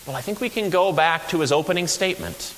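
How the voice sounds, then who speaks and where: A man's voice: on the high side, fast talker. A man preaching a sermon as pastor, telling stories with humor and energy. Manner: animated storytelling with humor. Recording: echoey hall with faint hiss.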